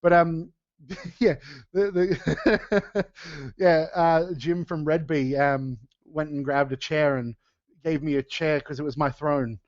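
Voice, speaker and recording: A man's voice: fairly high pitch, steady tone, takes it slowly, no room sound. A man chatting casually on a podcast, laughing often and restarting his sentences. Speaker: podcast co-host and metal band singer. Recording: dull lo-fi sound.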